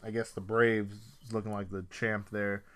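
Bright-voiced man in excitable sports chat. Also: lowish voice, normal speed, smooth. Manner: excitable, swears casually, lists teams in bursts.

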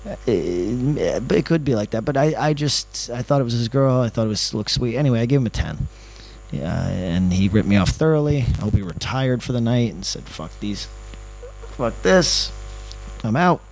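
A man's voice: medium pitch, lively intonation, a little fast, gravelly, a little mellow, poor audio. A man talking in a casual, rambling monologue, sarcastic and profane, ranting as he tells a travel story from his hotel room. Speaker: travel vlogger.

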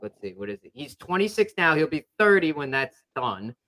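A man's voice: fairly high pitch, sing-song, normal speed, pushed and bright, rough recording. A man hosting a sports podcast, telling a story. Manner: rambling storytelling with many fillers. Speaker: podcast host. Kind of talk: casual sports chat.

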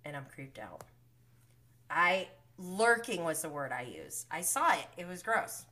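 A woman hosting a casual recap stream, her voice bright and sharp. She gossips with big swings in pitch, laughs a lot, swears freely and acts out quotes from the show. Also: big pitch swings, measured pace. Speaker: recap host. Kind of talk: casual reality TV recap livestream.

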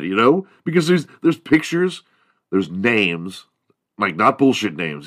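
Male podcast host, fairly low voice, dry close sound, loose swearing comic rant, slips into squeaky impressions. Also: a bit bright, no room sound. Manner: rambling, profane, laughs at own jokes; mimics other people in high squeaky voices. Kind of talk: solo comedic monologue.

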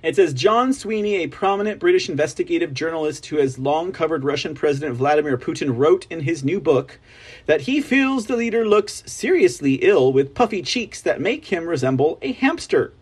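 A man with a fairly high voice that swings widely up and down as he hosts an online news show. He reads articles aloud and breaks off into sarcastic jokes and laughter. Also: animated, normal speed, husky. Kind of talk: casual commentary reading headlines.

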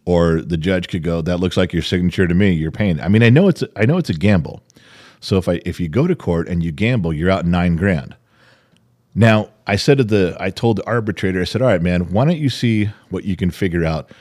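A middle-aged man hosting a podcast, telling a story in casual chat, animated and profane, acting out the people he quotes. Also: low voice, brisk. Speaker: podcast host.

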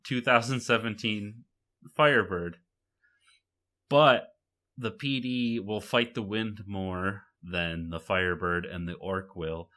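A man's voice: lowish voice, slow pace, sharp tone. Rambling young man on a podcast. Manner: rambling, self-correcting, laughs at himself. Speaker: podcast co-host. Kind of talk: casual chat.

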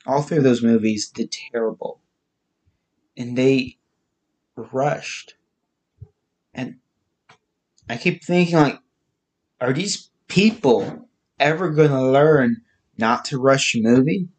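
A man giving a casual, halting spoken movie review, listing facts with frequent restarts. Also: mid-range voice, lively intonation, a little mellow.

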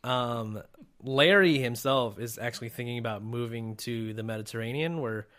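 Dude on a podcast riffing with friends, laid back, jokey. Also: male voice, mid-range voice, moderate pace, a bit bright. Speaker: podcast co-host. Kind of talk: casual chat.

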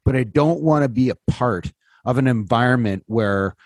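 A man's voice: medium pitch, moderate pace, a little mellow, no room sound. A man co-hosting a podcast in casual chat, blunt and teasing, swearing freely. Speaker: podcast co-host.

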